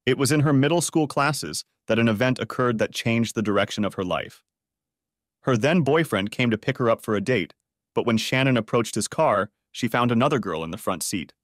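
A man narrating a scripted audiobook story with a lively storytelling delivery. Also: medium pitch, fairly quick, no echo, studio quality.

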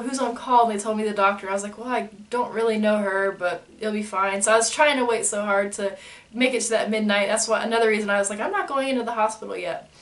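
A woman, telling a personal story in a chatty, animated way and acting out the people she quotes. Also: medium pitch, recorded from a distance. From United States. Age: 20s. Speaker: vlogger. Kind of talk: casual storytelling.

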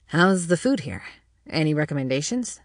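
A woman narrator voicing a shy, bashful male police chief in an audiobook, speaking quietly and plainly. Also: low voice, sing-song, moderate pace, dry recording, clean studio sound. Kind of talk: audiobook character voice.

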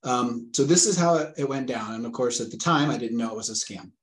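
A man's voice: medium pitch, a little fast. Earnest father in an echoey room. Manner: earnest, vivid retelling of a frightening call. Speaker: guest, a father telling of a scam call. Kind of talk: interview storytelling.

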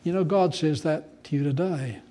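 A male pastor with a fairly high voice delivers an animated, conversational sermon at normal speed. He glides between unpacking scripture and sharing stories.

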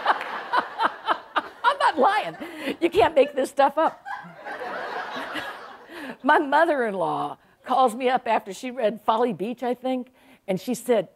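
This woman speaks at normal speed with a medium pitch, lively intonation, frequent pauses and a breathy edge. An author from South Carolina in her 60s, she entertains a public library audience with funny, self-mocking, chatty stories.

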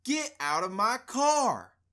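A woman voicing a big, tough, grumpy male dog in a storybook read-aloud, with a gruff, growling voice. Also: fairly high pitch, big pitch swings, takes it slowly, fairly bright tone, full character voice.

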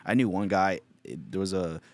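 A man's voice: deep voice, moderate pace, darkish tone, no echo. A man in casual podcast chat, telling loose, profane stories as a comedian guest. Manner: loose, profane storytelling with put-on voices.

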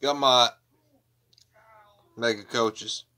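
A man's voice: medium pitch, fairly even intonation, very slow, sharp tone. A man chatting casually at home on his couch, a wrestling figure collector who rambles and throws in crude jokey asides. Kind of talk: casual unboxing chat.

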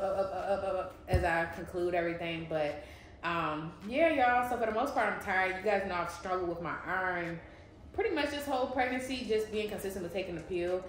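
A woman co-hosting a family vlog, chatting straight to the viewers. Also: on the low side. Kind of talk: casual vlog chat. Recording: echoey room.

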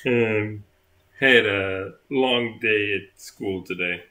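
A man's voice: on the low side, very slow, pushed and bright. A tired young man chatting casually on a live stream, rambling with lots of fillers and restarts. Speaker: co-host.

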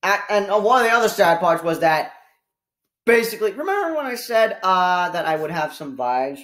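A young woman giving a casual spoiler review of a movie, talking in an excitable, rambling way that swings from low mumbles to shouts, with many restarts. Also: normal speed.

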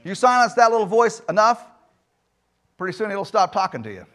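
A male pastor preaching a sermon in a church, emphatic, firing rhetorical questions and swinging between loud and soft delivery. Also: high-pitched, sing-song, fairly quick. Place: church sanctuary.

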